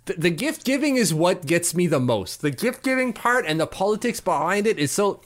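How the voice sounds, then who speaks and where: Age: adult. Sex: male. Style: casual podcast chat. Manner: animated storyteller who slips into character voices, with a voice pitched a little high. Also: normal speed, hardly any pauses. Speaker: podcast co-host. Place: lives in Canada.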